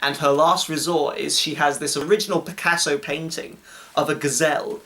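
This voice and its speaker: A man's voice: fairly high pitch, fairly even intonation, normal speed, pushed and bright. A man co-hosting a casual chat, talking loosely, laughing often, swearing and mimicking characters. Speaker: co-host.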